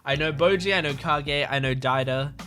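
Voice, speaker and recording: A man's voice: fairly high pitch, moderate pace, sharp tone, soft background music. A man hosting an anime reaction video, chatting casually, rambling and correcting himself, hiccuping as he talks. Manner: rambling, self-correcting, laughs often.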